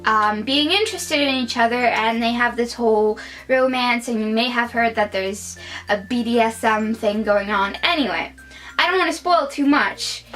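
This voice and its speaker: A woman's voice: a little high, a bit bright, poor audio. A woman giving a casual vlog movie review, chatty and opinionated, with many fillers.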